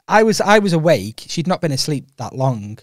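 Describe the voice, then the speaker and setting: A man's voice: a little high, big pitch swings, measured pace, dry recording, clean studio sound. A young Welsh man co-hosting a podcast, telling rambling stories in a casual chat and laughing often. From Wales. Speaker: podcast co-host.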